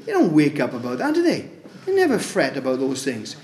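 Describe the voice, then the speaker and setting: A man's voice: sits high, huge pitch swings, fast talker, a little mellow. A man preaching a sermon in a conversational way, asking his listeners rhetorical questions. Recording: echoey room.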